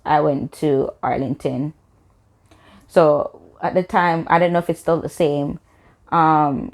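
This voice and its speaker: A young woman telling a storytime vlog, animated and emphatic, slipping into patois. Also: on the low side. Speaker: vlogger.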